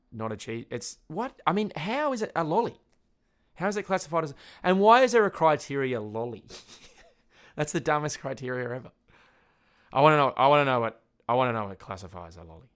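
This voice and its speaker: A young man from Tasmania with an Australian accent, ranting on a casual solo podcast. He rambles, trips over his words, swears freely and laughs at himself, at a middling pitch. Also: a bit bright. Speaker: podcast host.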